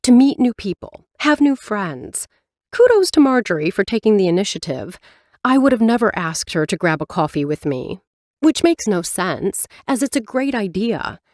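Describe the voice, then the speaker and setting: A woman's voice: mid-range voice, sing-song, normal speed, darkish tone, dry recording, studio quality. Woman narrating a first-person audiobook.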